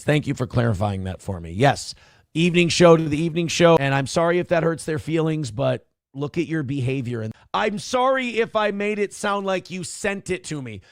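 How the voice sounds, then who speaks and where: A man's voice: medium pitch, no echo, clean studio sound. A man hosting a casual livestream, rambling and repeating hedged apologies to his chat. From Minnesota. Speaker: livestream host.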